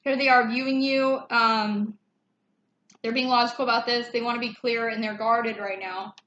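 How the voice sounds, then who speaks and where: A woman's voice: fairly high pitch, steady tone, normal speed, a bit bright, dull audio. A woman reading tarot in a casual, chatty way, loose and swearing freely. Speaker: tarot reader. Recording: echoey room, faint background noise.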